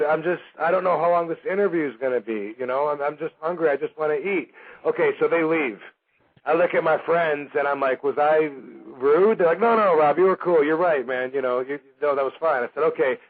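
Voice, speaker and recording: In a fairly high, brisk voice, a man from Michigan spins a story on his radio show, using lots of fillers and animatedly voicing the characters. The sound is narrow-band and phone-like, typical of radio.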